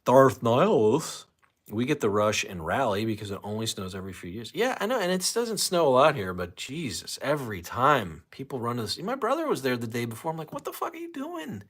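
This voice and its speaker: A man's voice: medium pitch, very animated, fast, hardly any pauses, fairly bright tone. A man from St. Louis hosting a casual livestream, ranting with lots of swearing and reading chat comments. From St. Louis, USA. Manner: ranting, profane, reads chat aloud. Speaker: livestream host.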